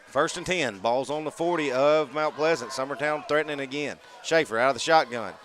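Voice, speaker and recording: Guy doing play by play for hs football, quick calls as the plays happen. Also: fairly high pitch, fairly bright tone, a faint crowd, slight background noise. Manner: brisk, calling plays as they unfold. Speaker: play-by-play announcer. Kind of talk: live high school football commentary.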